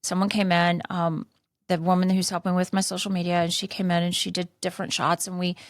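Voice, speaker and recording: A woman in her fifties tells a candid personal story on her podcast, rambling along with frequent restarts and fillers. Her voice sits fairly low. The recording is dry and close, with no echo. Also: little pitch movement, brisk. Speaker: podcast host.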